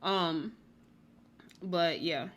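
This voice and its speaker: A woman's voice: on the low side, drawn-out words, slight background noise. A woman casually recapping a reality TV show, rambling and blunt, with lots of "like" in her speech. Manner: candid, blunt.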